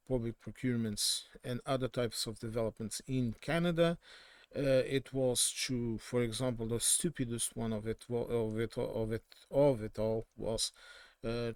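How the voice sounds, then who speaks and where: A man's voice: mid-range voice, darkish tone, no echo. A man from southern Portugal with a Portuguese accent, giving casual, opinionated political commentary in a digressive way and often correcting himself mid-sentence.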